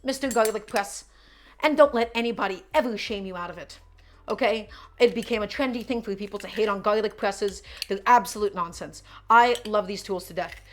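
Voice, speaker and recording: A woman's voice: mid-range voice, brisk, a little hiss or hum. A woman hosting a live cooking stream, chatting casually with viewers and repeating her instructions as she works.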